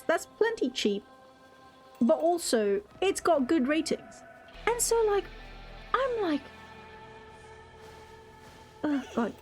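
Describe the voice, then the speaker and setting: A young woman streamer talking off the cuff while she plays, rambling and swearing freely as she chats with her viewers. Her voice sits a little high, and faint game music plays softly behind her at a desk mic. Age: young adult. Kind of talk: casual live-stream chat while gaming.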